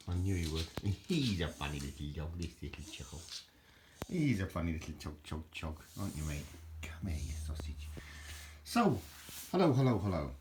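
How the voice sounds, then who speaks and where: A man chatting casually about a book at home, rambling and hesitant, with many fillers and chuckles. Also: low voice. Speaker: vlogger reviewing a book. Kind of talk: casual chat.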